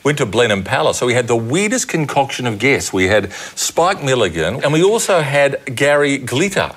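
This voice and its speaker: A man telling a lively anecdote on a comedy panel, laughing through his punchlines. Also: mid-range voice, moderate pace. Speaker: panel guest. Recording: noisy TV studio audio.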